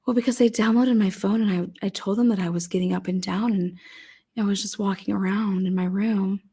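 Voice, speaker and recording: A woman's voice: medium pitch, steady tone, fairly quick, mellow, husky. A woman playing a flustered young woman witness in a mocking role-play, with evasive, stumbling answers. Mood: hesitant. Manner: hesitant, stumbling, defensive.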